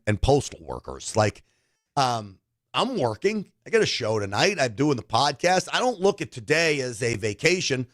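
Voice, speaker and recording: A man's voice: mid-range voice, no echo, clean studio sound. A middle-aged man hosting a political talk show, blunt and conversational, reacting to clips and reading viewer comments.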